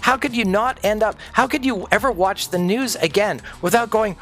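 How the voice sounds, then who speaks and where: A middle-aged man talks over his game in a sardonic, profane rant. His voice sits somewhat high, and faint music plays behind him. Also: brisk, few pauses, fairly bright tone. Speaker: streamer. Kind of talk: casual chat while gaming.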